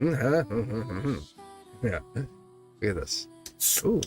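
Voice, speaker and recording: A fairly low-voiced man runs a live tarot reading in a loose, chatty way, encouraging his viewers and laughing often. He restarts words as he goes. Faint music plays behind him. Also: sing-song, drawn-out words, darkish tone. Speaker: tarot reader hosting a livestream.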